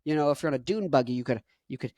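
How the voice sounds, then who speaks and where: A man's voice: medium pitch, very fast, a little mellow, no room sound. A young man rants to the camera in a loose, joking, self-mocking ramble. His voice sits in a middle range, and the recording is dry and close. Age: 20s. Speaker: musician vlogger. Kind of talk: casual rant to camera.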